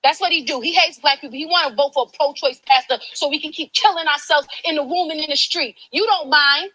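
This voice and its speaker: A woman's voice: sits high, fast, pushed and bright, rough recording. A woman activist confronting campaign volunteers, passionate and pleading in a preachy way, filmed on a handheld phone. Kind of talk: heated street confrontation.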